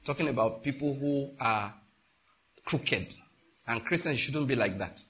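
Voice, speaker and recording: A man preaching a sermon as pastor, emphatic, asking his congregation rhetorical questions. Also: measured pace. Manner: emphatic preaching, rising and dropping in pitch and loudness.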